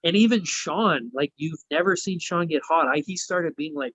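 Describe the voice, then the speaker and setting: A man's voice: on the high side, moderate pace, a bit bright, dry recording, dull audio. Swearing man telling a story. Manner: swears constantly, rambling. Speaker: wrestler guest. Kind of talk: casual storytelling.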